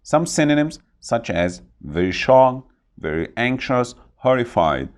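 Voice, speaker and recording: A man teaching English vocabulary, saying each word slowly and repeating it to model pronunciation. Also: medium pitch, very animated. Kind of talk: vocabulary lesson.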